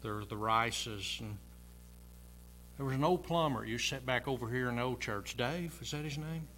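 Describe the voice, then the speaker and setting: A man's voice: medium pitch, normal speed, fairly bright tone, a little hiss or hum. A man in his sixties, a pastor preaching a sermon in a church and telling personal stories in a folksy, chuckling way. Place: church sanctuary.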